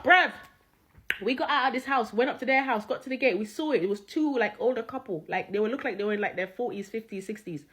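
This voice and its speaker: A woman's voice: fairly high pitch, fast, fairly bright tone, husky. A woman telling a story in a slangy way, swearing and laughing as she goes. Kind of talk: animated storytelling.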